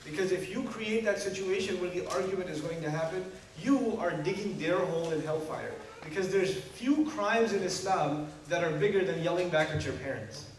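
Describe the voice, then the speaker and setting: A preacher with a fairly high voice delivers a lively sermon at a moderate pace with few pauses, throwing rhetorical questions and funny asides at the crowd. He's recorded from far off in an echoey hall, with faint background noise.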